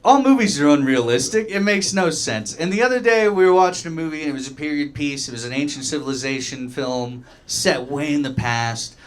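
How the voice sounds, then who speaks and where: A man's voice: fairly high pitch, expressive, brisk, hardly any pauses. A young man from Oklahoma doing a loose, self-mocking stand-up comedy set in a small dive bar, acting out the voices of other people.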